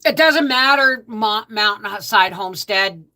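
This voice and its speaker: A woman's voice: mid-range voice, measured pace, bright, forceful tone. A Canadian woman hosting a casual homestead livestream, greeting viewers by name in a chatty way, just out of bed. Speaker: livestream host.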